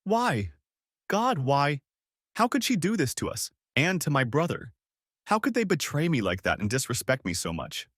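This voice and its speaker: A man's voice: fairly high pitch, big pitch swings, normal speed, a bit bright, dry recording, clean studio sound, voice pushed up. A man voicing a grieving father who has just learned of a betrayal, pained and urgent. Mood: anguished.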